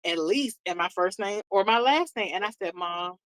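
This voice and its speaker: Animated storytelling woman podcast host. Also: mid-range voice, normal speed, no echo. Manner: animated storyteller acting out quotes. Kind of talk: casual chat.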